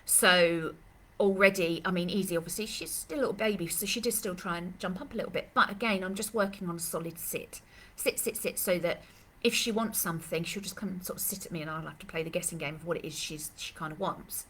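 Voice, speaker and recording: A woman's voice: lowish voice, fairly even intonation, fast talker, hardly any pauses, a bit bright, a little hiss or hum. A woman dog trainer answering questions in a live Q&A, chatty and rambling, with lots of fillers and restarts, speaking. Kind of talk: live Q&A session.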